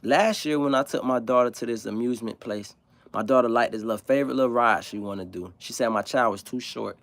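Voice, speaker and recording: A man's voice: mid-range voice, brisk, dry recording. Guy from south florida going off on his stream, blunt and cussing, dry close mic, mid voice. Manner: blunt, profane, animated storytelling. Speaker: livestream host. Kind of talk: casual opinionated monologue.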